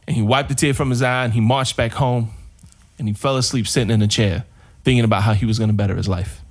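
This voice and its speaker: A man's voice: mid-range voice, fairly even intonation. A man on a podcast, casually telling a long shaggy-dog joke and drawing out the build-up. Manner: casual storyteller, drawn-out build-up. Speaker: podcast co-host.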